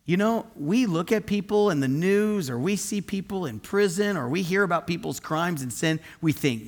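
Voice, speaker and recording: A man preaching a sermon in an animated, conversational and emphatic way. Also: on the high side, moderate pace, few pauses.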